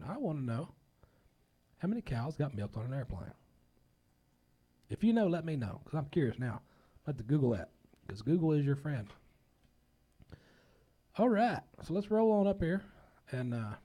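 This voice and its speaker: A man's voice: fairly high pitch, sing-song, moderate pace, pauses often, mellow. A man hosting a casual talk show, folksy and rambling, a bit under the weather.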